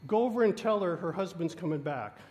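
A man voicing God in a sermon, brisk and matter-of-fact. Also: high voice, lively intonation, darkish tone. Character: God speaking, calm and direct.

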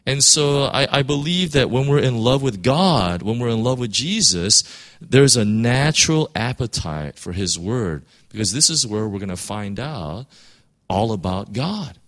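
A man preaching a sermon in a halting way, often repeating words and restarting. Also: medium pitch, lively intonation, fairly bright tone. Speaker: pastor.

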